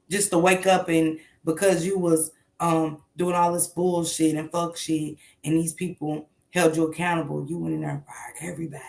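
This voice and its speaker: Gravelly-voiced woman hosting a casual show. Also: deep voice, a little mellow, reverberant. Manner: blunt, emphatic, frequent swearing. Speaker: morning show host. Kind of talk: casual commentary livestream.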